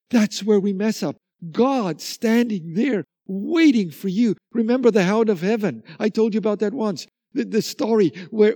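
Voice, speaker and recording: A man preaching a sermon, animated, acting out little dialogues and repeating phrases for emphasis. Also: high voice, dry recording. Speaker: pastor.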